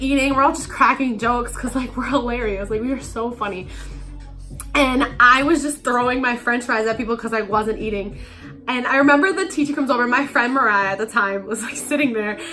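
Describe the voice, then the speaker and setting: Young woman vlogger, bright, slightly high voice, animated storytime chatter. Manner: chatty, animated, heavy filler "like". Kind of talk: casual storytime monologue. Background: faint background music.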